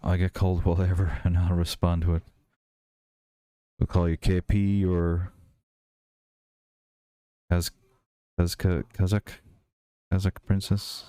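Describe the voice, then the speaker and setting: A man with a softened Irish accent, chatting casually and rambling as a livestream host. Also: sits low, takes it slowly, pauses often, dry recording, studio quality. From Ireland. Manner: rambling, relaxed, many fillers and restarts. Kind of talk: casual chat while building and reading chat.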